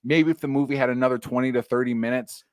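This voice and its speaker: A man co-hosting a casual podcast, recapping a film in a loose, relaxed way and swearing freely. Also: mid-range voice, quick pace, no room sound, clean studio sound. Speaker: podcast co-host. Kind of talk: casual movie recap chat.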